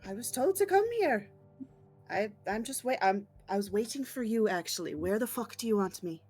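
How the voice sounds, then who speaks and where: A woman voicing a disguised adventurer who poses as a rough guard, swearing and defensive in a put-on accent. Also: medium pitch, expressive, normal speed, a little mellow, faint music behind. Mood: blustering.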